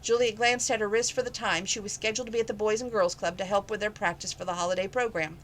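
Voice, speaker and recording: A woman's voice: mid-range voice, fairly even intonation, fast talker, slight background noise, poor audio. A woman reading a novel aloud in a plain, casual way, with small slips and restarts. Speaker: reader. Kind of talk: casual read-aloud narration.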